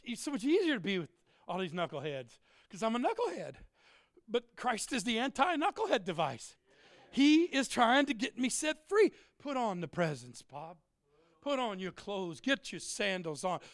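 A middle-aged man preaches with a strikingly high, lively voice, joking with the crowd and swinging from shouts to quiet asides. The sound is close and dry, with no room around it. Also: measured pace, dry recording. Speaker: pastor. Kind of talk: humorous sermon.

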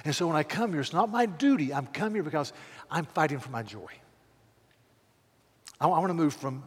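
A man preaching a sermon with passion, swinging between loud calls and hushed, pleading lines. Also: on the high side, lively intonation, a little fast, long pauses, breathy edge, big-room sound. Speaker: pastor.

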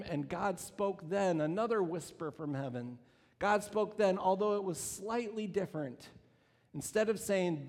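A pastor with a fairly high pitch and a darkish tone preaches a sermon, telling the story with animation and acting out the voices he quotes. The long reverb of a hall surrounds the recording.

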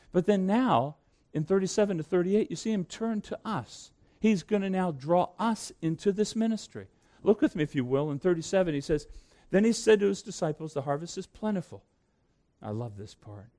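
Earnest preaching man, mellow voice. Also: fairly high pitch. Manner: earnest preaching, reads scripture aloud. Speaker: pastor. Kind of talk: sermon.

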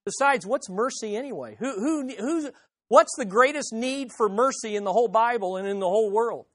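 A woman's voice: on the high side, normal speed, a bit bright, no room sound. A woman preaching a sermon, putting rhetorical questions to the audience with emphasis.

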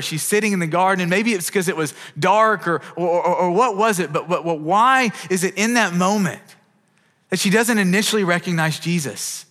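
Earnest pastor preaching in a reverberant hall. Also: male voice, high voice, normal speed, sharp tone. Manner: earnest, conversational preaching with frequent restarts. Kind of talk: sermon. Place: church auditorium.

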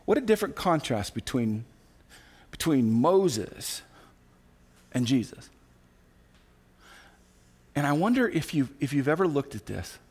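Lively, animated male pastor preaching. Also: a little high, measured pace, pauses often, slightly rough. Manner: animated, acts out quoted voices with asides and laughs. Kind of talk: sermon. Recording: recorded sermon audio.

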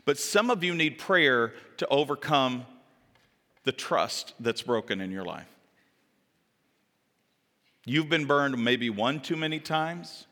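A man preaching a sermon as a pastor, telling stories with animated delivery and acting out the people in them. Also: mid-range voice, slow pace, pauses often, in a large hall. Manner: animated storytelling, acting out quoted voices. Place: church sanctuary.

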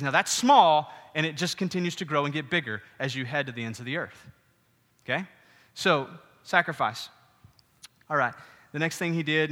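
A middle-aged man giving a sermon as pastor, conversational and animated, with frequent asides to the congregation. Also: a little high, fast talker. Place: church hall. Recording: reverberant church hall.

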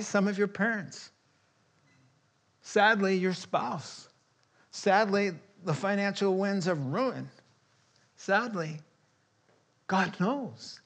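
A pastor preaching a conversational sermon, chuckling often and breaking into loud emphatic bursts. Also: male voice, high voice.

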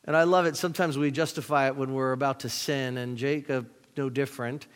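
A man's voice: mid-range voice, steady tone, fairly quick, smooth. A man preaching as a pastor, reading scripture with plain-spoken, jokey asides and leading a prayer. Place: church sanctuary. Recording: reverberant hall.

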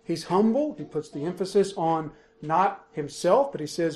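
A man's voice: high voice, lively intonation, moderate pace, few pauses, darkish tone. A man preaching an expository sermon, emphatic and driving home key points by repeating them. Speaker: pastor.

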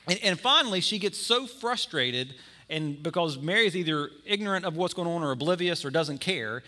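Dramatizing the characters in his story from time to time, this pastor delivers a sermon in a conversational manner. His fairly high voice is bright and forceful, lively in delivery, and moves at a moderate pace.

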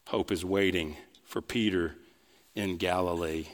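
Preaching man in an echoing hall. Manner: preaching with sweeping pitch swings, quick asides and repetition. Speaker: pastor. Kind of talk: sermon. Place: church sanctuary. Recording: long reverb of a large hall.

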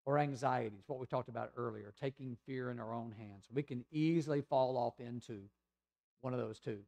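A middle-aged man with a Southern American accent preaching a sermon in a conversational way, reading quotes aloud and swinging between loud emphasis and hushed asides. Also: medium pitch, steady tone, a little fast. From Tennessee, USA. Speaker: pastor.

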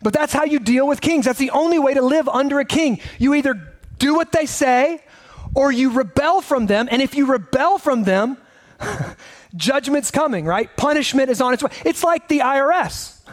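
A man's voice: very high-pitched, expressive, normal speed. A pastor preaching a sermon in a conversational way, asking his listeners many rhetorical questions.

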